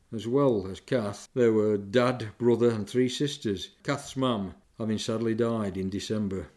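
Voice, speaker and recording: Older veteran, low voice, plain-spoken and reflective memoir teller. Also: male voice, darkish tone. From England, Sheffield. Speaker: war veteran recounting memories. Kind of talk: personal memoir recollection.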